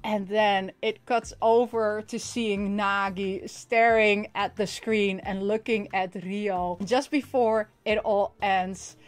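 A woman hosting a casual anime recap and toy unboxing, excitable and often laughing as she acts out lines. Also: mid-range voice, slow, hardly any pauses.

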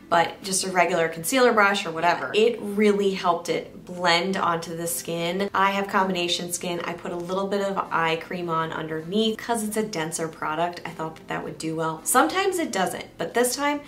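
A woman's voice: lowish voice, fairly even intonation, brisk, a bit bright, faint music behind. A young woman giving a candid, chatty makeup review that she speaks straight to her viewers. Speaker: beauty reviewer. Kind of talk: casual product review vlog.

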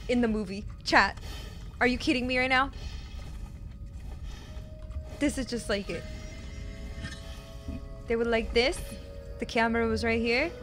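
Excitable young woman streamer, game music behind. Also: on the high side. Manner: excitable, swears, frequent gasps and squeals. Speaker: streamer playing a horror game. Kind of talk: casual live gameplay reactions.

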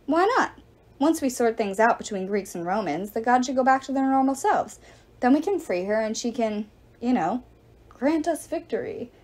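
A woman's voice: a little high, expressive, moderate pace, darkish tone. Woman doing a wisecracking teen boy. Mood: joking. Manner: wisecracking, breezy. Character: joking teenage boy tinkerer.

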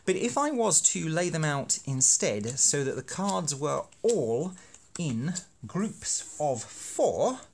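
A man's voice: fairly high pitch, big pitch swings, slow pace, vocal fry, a little hiss or hum. A man explaining a teaching card game in a playful, self-deprecating, hammy way. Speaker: university lecturer making teaching videos. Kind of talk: educational explainer.

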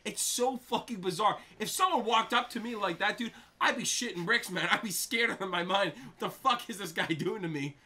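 Excitable swearing young man, bright voice. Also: high voice, a little fast, hardly any pauses. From Quebec, Canada. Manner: excitable, swears a lot, laughs often. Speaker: co-host reacting to a film. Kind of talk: casual reaction chat.

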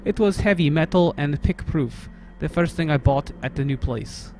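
A man's voice: on the high side, expressive, normal speed, darkish tone, slight background noise. A man putting on a comic Russian accent and broken English, reading a game's story aloud as a let's play host. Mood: hammy. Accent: put-on Russian. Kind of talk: comedic game reading.

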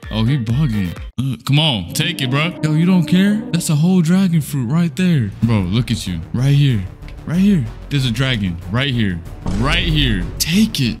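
A young man talks through his gameplay in an easy, teasing way, full of slang and quick laughs. His voice sits at an ordinary mid pitch, and soft music plays behind him. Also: sing-song. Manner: playful teasing banter with slang, frequent laughs. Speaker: gaming video creator. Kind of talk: casual gameplay commentary. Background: faint background music.

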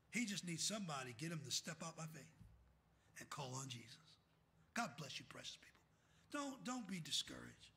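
High, bright-voiced preaching man. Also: gravelly. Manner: calls out "what?" for the congregation to fill in scripture; swings from shouting to soft and quiet. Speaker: pastor. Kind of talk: fiery sermon.

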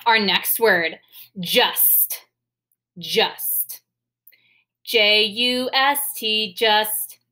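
A woman teacher leading a sight-word lesson for young children, talking clearly and spelling words out letter by letter. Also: medium pitch, sharp tone. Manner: slow, clear, enunciating and spelling words aloud for kids.

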